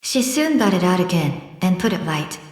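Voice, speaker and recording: A woman narrating a classic storybook in a measured, gently expressive reading. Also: lowish voice, roomy sound. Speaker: audiobook narrator.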